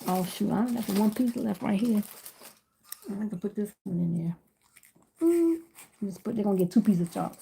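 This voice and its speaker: A woman's voice: medium pitch, a little mellow, a little hiss or hum. A woman hosting a casual livestream, chatting with viewers by name and laughing often as she wraps gifts. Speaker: livestream host wrapping gift baskets.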